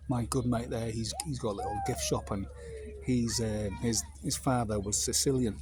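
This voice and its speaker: A man's voice: mid-range voice, wildly swooping pitch, moderate pace, background noise. A man in his fifties from North Wales with a North Welsh accent, telling casual anecdotes in a meandering, digressive way.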